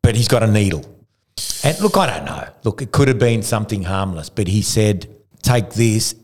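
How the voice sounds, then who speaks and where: A man from Argentina with a low voice recounts a race story on a podcast. He talks casually, restarts his sentences and acts out what others said along the way. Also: moderate pace, a little hiss or hum. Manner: animated storyteller who acts out quotes, frequent restarts. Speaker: guest, retired pro cyclist.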